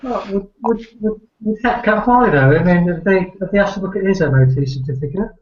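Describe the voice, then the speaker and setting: A man's voice: high-pitched, a little fast. A man chatting in a jokey way on a group call. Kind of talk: casual group chat on a live stream. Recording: dull lo-fi call audio.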